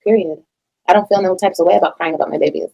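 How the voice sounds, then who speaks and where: A woman talks quickly through heated reaction commentary, blunt and emphatic. She swears freely and presses every point hard. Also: lowish voice, fairly even intonation, vocal fry, dull audio. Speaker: reaction streamer.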